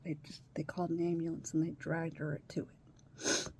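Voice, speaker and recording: A woman talking in a confessional vlog as a stepmother, emotional, swinging between hushed whispers and raised, strained outbursts. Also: low-pitched, level tone, normal speed, a little hiss or hum.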